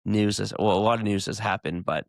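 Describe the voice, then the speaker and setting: A man's voice: lowish voice, steady tone, a little fast, vocal fry, no echo, clean studio sound. A man co-hosting a podcast in laid-back casual chat, retelling clips. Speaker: podcast co-host.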